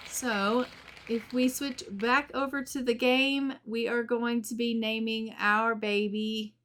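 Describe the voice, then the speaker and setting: A woman's voice: a little high, steady tone, unhurried, a bit bright, clean tone. A young woman hosting a video game let's play, narrating the story in a chatty way. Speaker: gaming video host.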